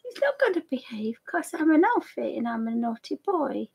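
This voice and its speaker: Woman playing a restless, cheeky young puppy, high and husky; pet voice in a livestream. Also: very animated, moderate pace, darkish tone, full character voice. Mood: naughty. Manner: cheeky, boyish first-person voicing. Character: mischievous young male puppy, restless and naughty.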